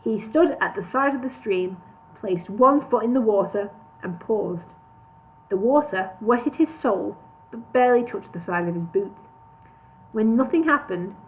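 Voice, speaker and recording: A woman narrating a comic fantasy novel aloud, relaxed, with the odd slip and restart. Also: a little high. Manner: relaxed reading with slips and restarts. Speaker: reader of a parody novel. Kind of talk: storybook narration read live. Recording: tinny phone-like sound.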